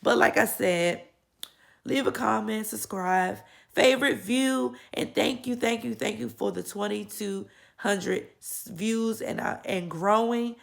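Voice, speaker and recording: A woman's voice: medium pitch, measured pace, gravelly. A woman getting over a cold, hosting her own channel and giving frank, opinionated reviews in casual talk full of fillers and restarts. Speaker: YouTube channel host reviewing a series.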